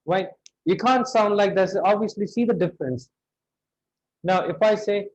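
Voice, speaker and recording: A man's voice: sits high, moderate pace, pauses often, darkish tone, lo-fi sound. A man with an Indian English accent teaching spoken English, acting out lines of dialogue to show intonation.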